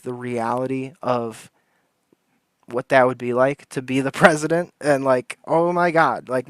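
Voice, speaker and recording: A man's voice: mid-range voice, fairly bright tone, dry recording, clean studio sound. A man hosting a livestream, giving casual political commentary in a heated, rambling way, full of restarts and slang. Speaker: livestream host.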